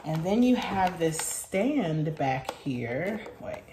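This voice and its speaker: A woman beauty vlogger chatting casually while unboxing, gushing and excitable. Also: low-pitched, slow. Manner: gushing and excitable, many "oh my gosh"s. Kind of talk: casual vlog chat. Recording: echoey room with faint noise.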